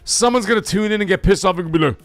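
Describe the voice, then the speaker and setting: A man's voice: high voice, fast talker, dry recording, soft background music. A man hosting a live stream, chatting casually and rambling, with frequent swearing. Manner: profane, rambling, animated.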